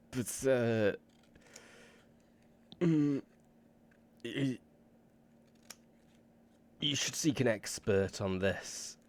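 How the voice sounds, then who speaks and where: A man puts on a fussy middle-aged German woman linguist for a tabletop game. She speaks with a German accent in slow, halting bursts and trips over her own titles. The voice sits a little higher than his usual low tone.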